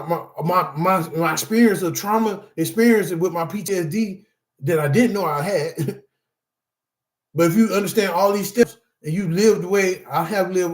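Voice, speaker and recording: A middle-aged man teaches anger management by sharing his own story, speaking emphatically, repeating himself, and often calling his listeners "y'all." His voice sits high, and the room is echoey.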